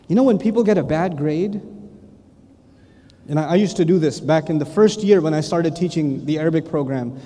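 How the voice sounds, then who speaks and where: A middle-aged man preaching a lively sermon, often acting out the voices of the people in his stories. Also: high voice, fast. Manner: animated, playful, acts out voices. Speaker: Islamic preacher and teacher. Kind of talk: lively sermon with acted quotes. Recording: long reverb of a large hall.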